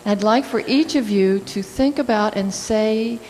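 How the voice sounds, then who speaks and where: A woman leading a church service, giving brisk, friendly announcements. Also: fairly high pitch, a little mellow. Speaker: service leader. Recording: echoey hall with faint hum.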